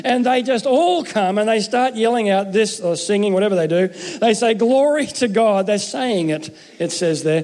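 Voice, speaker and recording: A man's voice: sits high, darkish tone, in a large hall. A man giving a Christmas sermon as pastor, chatty and joking, often restarting his sentences. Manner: conversational, jokey, self-interrupting.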